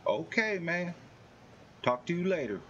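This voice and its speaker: A man voicing a smooth-talking male street gang member with easygoing slang. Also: sits high, big pitch swings, measured pace, fairly bright tone, lo-fi sound, slight background noise, pitched above the performer's own voice, exaggerated voice.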